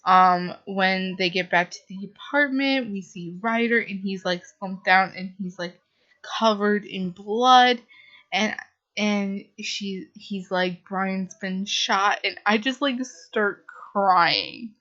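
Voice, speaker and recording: Woman book reviewer, gushing casual chat, slow delivery, muffled lo-fi audio. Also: mid-range voice, a bit bright. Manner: gushing, full of "like" and "um" fillers.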